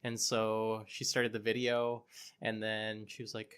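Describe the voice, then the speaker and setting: Man, podcast co-host, bright tense voice, rambling storytelling, self-mocking. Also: fairly low pitch, monotone, normal speed, smooth. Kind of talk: casual storytelling.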